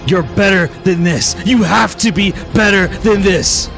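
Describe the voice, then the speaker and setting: A man voicing a blood-stained young fighter who confronts a woman in a steady, monotone voice. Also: sits high, a little slow, gravelly, faint music behind, full character voice. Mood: earnest. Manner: pleading then firm, monotone.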